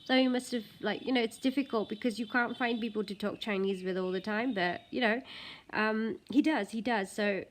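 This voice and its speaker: A woman's voice: fairly high pitch, moderate pace. Chatty woman vlogger, filler-heavy talk. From Nepal. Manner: chatty, heavy use of "like" and "you know"; switches between languages mid-sentence. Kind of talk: casual chat to camera.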